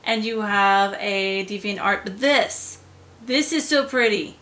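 A woman giving a casual solo review vlog, gushing and chatty, often trailing off into soft whispered asides. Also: medium pitch, slow pace, a little hiss or hum. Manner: chatty, fillers and self-corrections. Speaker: game lair reviewer.

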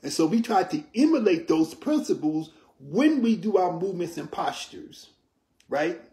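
A man explains yoga practice to an interviewer in a measured, teacherly way. He often pauses to check in with "right?". His voice sits a little high and rings in a roomy space. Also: very animated, dark tone. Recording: roomy echo.

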